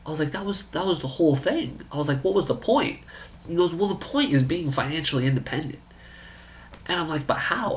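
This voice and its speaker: A man telling a story about a friend's business pitch in a casual, incredulous way, acting out the dialogue. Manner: incredulous, quoting others in dialogue.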